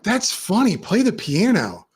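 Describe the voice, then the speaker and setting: A host from Maryland chatting casually in an interview, playful and quick to laugh along, often restarting sentences. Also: medium pitch, huge pitch swings, breathy edge. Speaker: podcast host.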